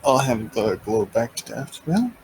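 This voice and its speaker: A man playing a tabletop game, asking questions in a calm, dry way. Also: medium pitch, measured pace, slight background noise, rough recording. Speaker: player.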